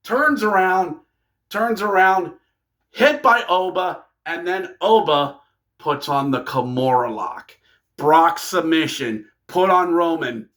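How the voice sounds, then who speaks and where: Guy playfully telling a made-up wrestling match, kinda high voice, slow. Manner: playful, excitable storytelling. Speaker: wrestling fan video creator. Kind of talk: fantasy booking narration.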